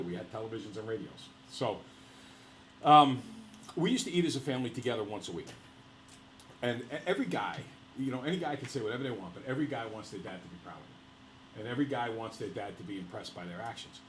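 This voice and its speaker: Animated man telling class a story. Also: fairly low pitch, fast talker, roomy sound, a little hiss or hum, rough recording. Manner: animated, laughing, addresses class directly. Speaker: teacher.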